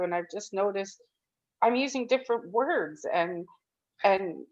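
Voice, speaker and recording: A woman's voice: mid-range voice, a little mellow. Upbeat woman sharing a rambling testimonial. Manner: rambling, upbeat, tearful at times. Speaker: program participant giving a testimonial. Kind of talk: emotional testimonial on a group call. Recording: dull lo-fi call audio.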